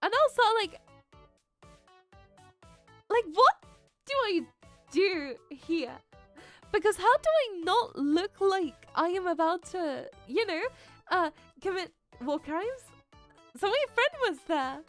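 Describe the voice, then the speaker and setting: A young adult woman streamer telling a story in a casual chat, animated and dramatic, laughing often. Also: extremely high pitch, takes it slowly, long pauses, soft background music. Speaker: VTuber streamer.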